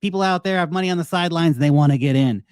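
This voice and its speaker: An Australian man hosting a casual crypto market show, animated and joking, often mimicking investors. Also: a little high, racing, clean tone, no echo, studio quality. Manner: animated, joking, mocks investors in put-on voices. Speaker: crypto video host.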